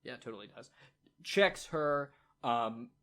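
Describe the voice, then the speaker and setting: A man narrating a tabletop game as game master, in a casual, halting way with many fillers. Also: mid-range voice, lively intonation, a bit bright, a little hiss or hum.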